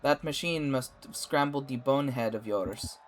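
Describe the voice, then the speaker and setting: A man voicing a gruff male alien rebel who speaks in clipped, broken phrases. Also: mid-range voice, normal speed, a little hiss or hum, lightly acted, poor audio.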